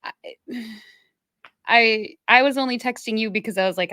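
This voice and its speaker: A woman's voice: fairly high pitch, moderate pace, bright, forceful tone, no room sound, studio quality. A woman co-hosting a podcast in casual chat, wry and playful, laughing easily. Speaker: podcast co-host.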